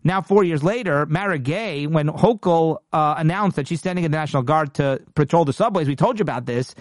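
A man's voice: fairly high pitch, brisk, dry recording, clean studio sound. A man hosting a political commentary show, talking emphatically and indignantly and often restarting his sentences.

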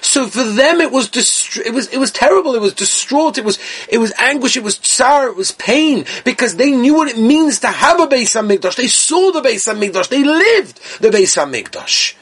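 Impassioned husky-voiced man preaching. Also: fairly bright tone. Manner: impassioned, swings from rising pleas to low somber tones. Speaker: rabbi giving a Tisha B'Av talk. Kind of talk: sermon.

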